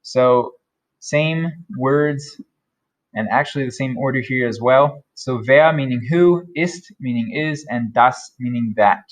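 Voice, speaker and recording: A man teaching German vocabulary, repeating each word slowly and carefully. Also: medium pitch. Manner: slow, careful modeling of German words. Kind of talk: vocabulary lesson.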